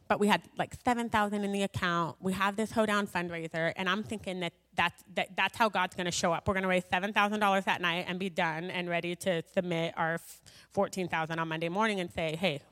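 A woman's voice: lowish voice, a bit bright. A woman sharing a personal faith story with a gathering in a chatty way, full of fillers and asides. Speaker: speaker sharing a personal testimony. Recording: long hall reverb.

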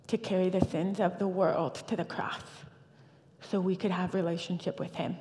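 A woman in her thirties giving a lively personal church testimony, with frequent fillers and restarts. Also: lowish voice, normal speed. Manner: animated storytelling with fillers and restarts. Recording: long reverb of a hall.

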